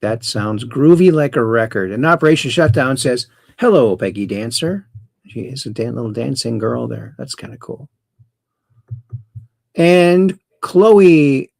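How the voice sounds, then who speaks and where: A man's voice: mid-range voice, gravelly, a little mellow, dry recording. A middle-aged man hosting a livestream, rambling with dad jokes and reading out viewers' chat greetings. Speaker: host. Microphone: close camera mic.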